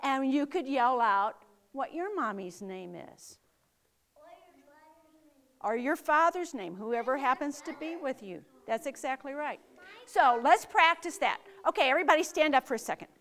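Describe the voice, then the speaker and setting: A woman's voice: sits high, animated, fairly bright tone. A middle-aged woman teaching young children safety rules, speaking emphatically and asking them lots of questions. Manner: slow, emphatic, asks the children many questions.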